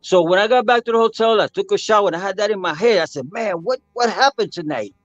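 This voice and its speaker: An older man, a percussionist, telling a story with animated energy, acting out voices and singing rhythms. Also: sits high, fast, no room sound, muffled recording, soft background music. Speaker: percussionist guest. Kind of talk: storytelling interview.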